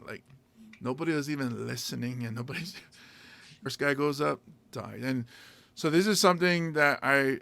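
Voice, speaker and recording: Rambling man with a bright gravelly voice. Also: medium pitch. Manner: rambling anecdotes with many fillers and restarts. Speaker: podcast host and stand-up comedian. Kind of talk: casual storytelling chat.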